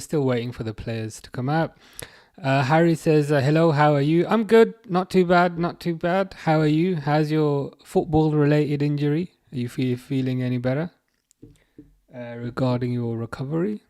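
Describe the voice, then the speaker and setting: A man hosting a live football watchalong, reading chat messages aloud and answering them in a chatty, halting way full of fillers and restarts. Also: fairly high pitch, darkish tone. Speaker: livestream host reading chat.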